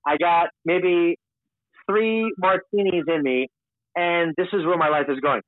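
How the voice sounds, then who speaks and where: A man's voice: a little high, measured pace, no room sound. Man rambling through a story on a tinny line. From Long Island, New York. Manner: candid, rambling. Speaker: podcast guest. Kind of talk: casual storytelling. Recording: tinny, dry phone-like sound.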